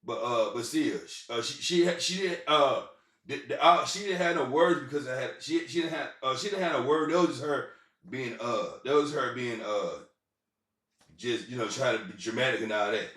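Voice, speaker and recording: A man with a middle-pitched voice tells rambling personal stories. He swears casually and keeps repeating and restarting his phrases. The sound is roomy and distant, as if he is sitting well back from the mic. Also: a bit bright. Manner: halting, repetitive restarts and profanity. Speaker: vlogger.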